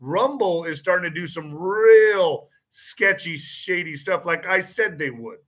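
Here the voice sits high and expressive, a bit bright, moving a little slowly. The man hosts an online show, and in his casual monologue he repeats phrases, restarts, fills pauses, and poses his claims as pointed questions.

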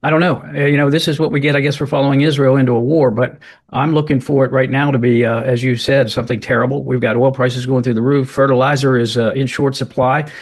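A co-host rattles off his opinions at a fast clip in a political talk show. He sounds blunt, and he backs his partner's points. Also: mid-range voice, steady tone. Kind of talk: political commentary chat.

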